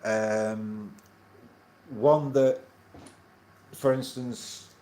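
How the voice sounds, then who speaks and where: A man hosting a casual astronomy livestream, rambling and halting with many fillers and chuckles. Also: on the low side, fairly even intonation, dark tone.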